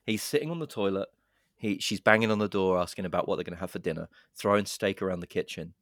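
This fast-talking man, whose voice sits low, co-hosts a podcast and eagerly retells a horror film in casual chat. He swears and does dramatic voices for the quoted lines. It's a dry, studio-quality recording.

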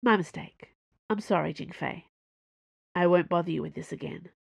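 A woman's voice: lowish voice, normal speed, creaky, husky, no room sound, exaggerated voice. A woman doing an anxious pleading husband. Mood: subdued. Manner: pleading, urgent.

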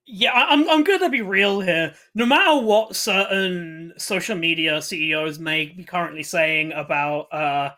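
A woman co-hosting a casual chat, quick and sarcastic, with frequent laughs and restarts. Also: lowish voice, a bit bright. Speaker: podcast co-host.

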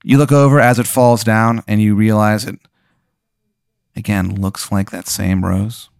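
A man's voice: fairly low pitch, fairly even intonation, a little slow, creaky, smooth, no room sound. A young man hosting a podcast, casually telling an improvised crude story with lots of fillers. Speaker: podcast host.

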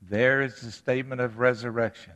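A man's voice: medium pitch, steady tone, brisk, a bit bright. Earnest male pastor in a reverberant church. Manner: earnest, rhetorical questions to the congregation. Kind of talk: sermon. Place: church sanctuary.

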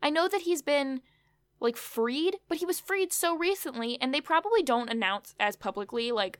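Woman, high voice, chatty and wry, casual recap talk, dry close sound. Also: animated, moderate pace, no echo. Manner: chatty, wry asides, many fillers. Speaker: podcast co-host.

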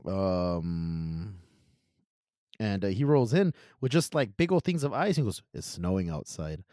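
Man, casual podcast chat, swears a lot, lively storytelling, dry close sound. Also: lowish voice, measured pace, no echo. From California. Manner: profane, animated storytelling, laughs often. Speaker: podcast co-host.

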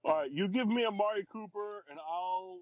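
A man's voice: high voice, normal speed, darkish tone, dry recording, highs cut off. Joking man on a dry podcast mic. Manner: joking, teasing. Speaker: podcast co-host. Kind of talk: casual banter, mock draft chat.

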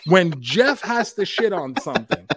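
A man co-hosting a casual pop culture podcast, animated and joking, with casual swearing. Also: sits high, moderate pace, breathy edge, no room sound. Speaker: podcast co-host.

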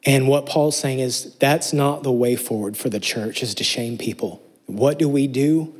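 Male pastor, mid-pitched, slightly husky voice, earnest emphatic preaching. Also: a little slow. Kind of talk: sermon.

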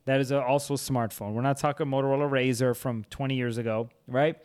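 A man from the United States hosting a podcast, arguing his points in animated casual banter and often laughing. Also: medium pitch, brisk, smooth. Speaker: podcast host.

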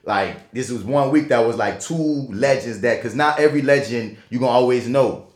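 A man's voice: mid-range voice, normal speed. Slangy New man, roomy sound. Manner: animated, slangy storytelling full of "you feel me". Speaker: podcast host and stage actor. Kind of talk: casual podcast chat. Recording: roomy echo.

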